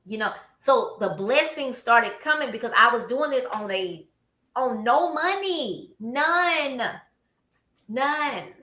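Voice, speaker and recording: Southern lady hosting a chat, tells it big and acts out the quotes, bright voice, roomy echo. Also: a little high, unhurried. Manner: animated storytelling, acts out quotes. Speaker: host. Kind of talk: casual chat. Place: office room. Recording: echoey room.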